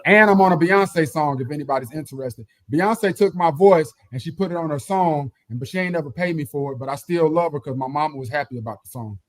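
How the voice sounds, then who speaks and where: A man guesting on a podcast, telling lively stories, swearing casually and acting out quotes loudly. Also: a little high, fast talker, hardly any pauses, dry recording. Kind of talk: casual storytelling chat.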